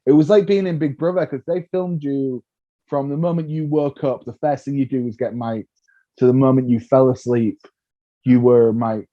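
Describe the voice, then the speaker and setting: A man, a comedian being interviewed, telling stories in a lively way, acting out what people said and laughing often. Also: mid-range voice, moderate pace. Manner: animated storyteller, acts out voices, laughs often. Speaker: comedian guest. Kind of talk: casual interview chat. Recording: dull lo-fi sound.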